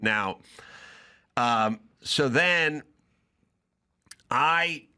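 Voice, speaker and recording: Man, comedian host, casual storytelling, lively pitch, bright tone, acts out both voices of a call. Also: extremely slow, smooth. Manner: animated, acts out both sides of a phone call. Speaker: podcast host.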